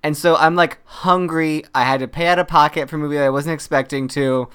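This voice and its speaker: A man's voice: on the high side, fairly even intonation, fairly quick, a bit bright, smooth. A man co-hosting a podcast, chatting casually and telling stories with acted-out quotes. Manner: chatty storyteller who acts out quoted lines. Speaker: podcast co-host. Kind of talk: casual chat.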